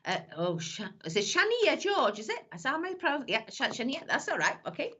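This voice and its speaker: Woman, psychic medium, chatty and affectionate, slightly high voice, muffled lo-fi stream. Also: wildly swooping pitch, a little fast, pushed and bright. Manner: chatty, calls everyone "my lovely". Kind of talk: live-stream greetings and reading.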